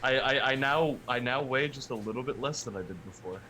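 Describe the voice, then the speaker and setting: A man talking as a player in a tabletop game, his voice at an ordinary pitch. He rambles and gropes for words with many fillers. A clear hiss runs behind the voice-chat audio. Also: brisk, sharp tone.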